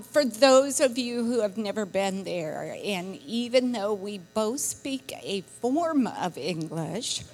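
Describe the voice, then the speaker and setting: A woman's voice: mid-range voice, big-room sound. A woman from the United States, chatting casually to a church, laughing and acting out other people's voices. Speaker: missionary wife addressing church. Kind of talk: casual talk from the pulpit. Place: church hall.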